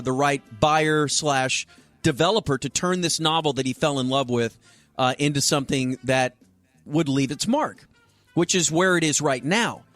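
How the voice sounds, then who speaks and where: A man co-hosting a radio show, telling a long story to his co-hosts in a lively, slightly high voice. He speaks into a studio microphone, and faint music plays underneath. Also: dry recording. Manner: storytelling, animated, laughing with co-hosts. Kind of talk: casual sports-radio banter.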